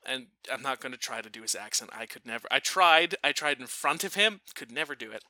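A man telling a family story in a casual chat, animated and often breaking off to restart his sentences. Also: medium pitch, a little fast, no room sound. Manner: animated, self-interrupting.

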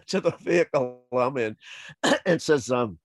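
A man, a salesman telling a funny story in an animated way, laughing as he goes and acting out other people's voices. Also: medium pitch, a little slow. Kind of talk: anecdotal storytelling.

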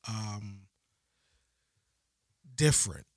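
Laid-back deadpan podcast co-host. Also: male voice, lowish voice, very slow, no room sound, clean studio sound. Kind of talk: casual podcast banter.

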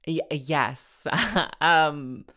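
A woman's voice: low voice, lively intonation, extremely slow, a bit bright. A woman hosting her own podcast, chatting casually and tiredly, rambling and restarting her phrases with self-deprecating asides. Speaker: podcast host. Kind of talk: casual solo chat.

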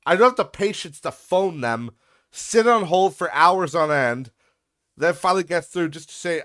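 A man's voice: fairly high pitch, animated, normal speed, a bit bright, no room sound, clean studio sound. A young man hosting a podcast, ranting in a profane, sarcastic and exasperated way. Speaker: podcast host.

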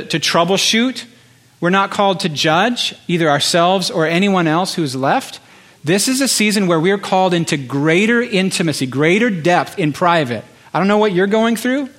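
A man preaching a sermon to his congregation, impassioned, building through repeated phrases with pauses. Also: high voice, fairly bright tone. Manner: impassioned, rhetorical repetition with pauses. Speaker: pastor.

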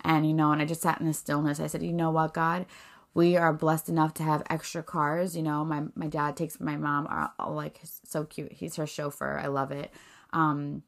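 A woman's voice: sits low, little pitch movement, normal speed, gravelly. A woman hosting a podcast, reflecting in a casual, faith-based way with many fillers and restarts. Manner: rambling, filler-heavy, earnest. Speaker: podcast host.

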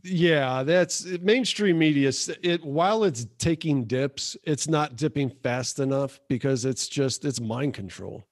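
A man's voice: medium pitch, a little slow, few pauses. A man co-hosting a casual chat, cutting in with short, blunt, skeptical remarks.

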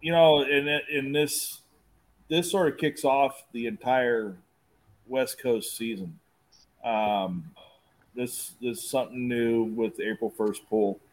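Man, slow podcast host, halting, filler-laden, easygoing chat. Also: medium pitch. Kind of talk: casual chat.

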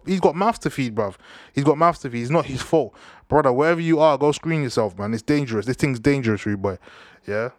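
Young London lad hosting a chat show, slangy and repetitive, mid pitch, recorded close and dry. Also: male voice, dry recording. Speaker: podcast host. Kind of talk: casual news and football chat.

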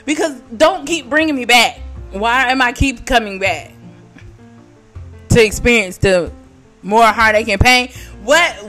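Rambling, swearing woman podcaster, fairly high voice. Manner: rambling, profane, laughs often at her own jokes; big swings in loudness and pitch, bursts of shouting. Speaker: podcast host. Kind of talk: casual solo podcast monologue.

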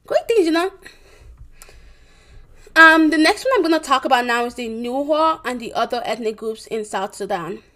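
Young woman, student presentation, halting read-aloud, restarts, fillers. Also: a little high, sharp tone. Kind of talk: reading a school presentation on world events.

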